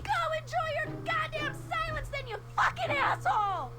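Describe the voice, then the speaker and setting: Game role: a sugary, dramatic girlfriend with a lively high voice. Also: moderate pace, music in the background. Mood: screaming. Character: dramatic young woman, sweet then furious.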